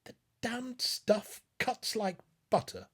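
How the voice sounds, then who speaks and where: A man voicing a frightened, bewildered young male scientist in an audiobook, exclaiming in a husky voice. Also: high-pitched, big pitch swings, takes it slowly, a bit bright, voice pushed up, exaggerated voice. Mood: panicked. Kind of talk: audiobook reading.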